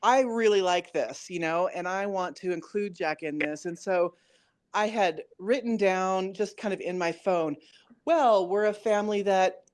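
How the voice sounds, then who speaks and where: A woman's voice: mid-range voice, a little slow, a little mellow. A woman chatting casually as a coaching client, telling a story and quoting herself and her son. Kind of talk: casual conversation.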